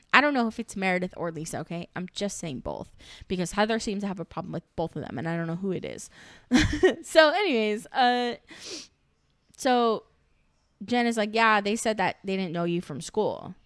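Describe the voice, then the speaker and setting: A woman's voice: medium pitch, animated, normal speed, no room sound. Young female reaction vlogger, chatty and snarky, recorded dry. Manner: chatty, sarcastic, swears freely, laughs often. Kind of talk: casual recap chat.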